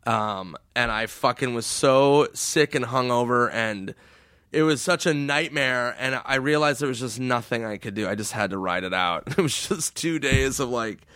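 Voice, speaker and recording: A man telling stories in casual chat, laughing often, swearing and acting out quotes in a higher voice. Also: moderate pace, a bit bright, smooth, dry recording, clean studio sound.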